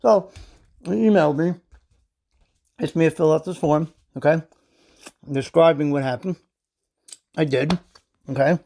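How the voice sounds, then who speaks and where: A man's voice: fairly high pitch, measured pace, long pauses, warm tone. A man telling a long, rambling, profane story as a vlogger, heated and indignant, peppering every line with "you know" and "right?". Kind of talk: casual storytelling rant.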